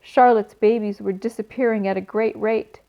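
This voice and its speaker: Gentle woman reading a storybook. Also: mid-range voice, normal speed. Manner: gentle and expressive, with asides to listeners. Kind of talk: reading a children's book aloud. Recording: slightly dull recording.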